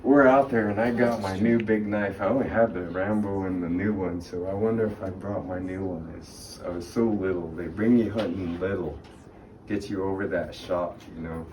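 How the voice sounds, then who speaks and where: A man's voice: low voice, fairly even intonation, normal speed. A middle-aged man telling rambling stories with laughs and acted-out quotes as a guest speaker in a library. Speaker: guest speaker on native arts. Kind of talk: casual storytelling talk. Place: library room. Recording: echoey room, distant mic, background noise.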